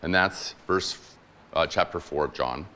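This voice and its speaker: Deep-voiced man preaching a casual sermon. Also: a little slow, sharp tone. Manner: casual, playful retelling of scripture with slang; acts out quoted voices in conversational paraphrase. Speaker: guest preacher, military chaplain.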